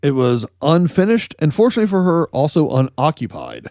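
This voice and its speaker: A man's voice: fairly high pitch, huge pitch swings, fairly quick, mellow, no echo, clean studio sound. A man co-hosting a comedy news podcast, telling stories in a rambling, joking way. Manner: joking, rambling storytelling with laughs. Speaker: podcast co-host. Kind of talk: casual comedic news chat.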